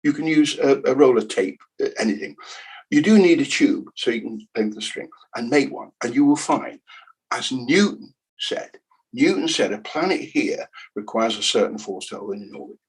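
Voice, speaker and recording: A man from the UK gives a lively, humorous keynote lecture on the history of maths. He is jokey and animated, repeating words to drive points home, and his mid-pitched voice has a husky edge. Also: normal speed, poor audio. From United Kingdom. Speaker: keynote speaker.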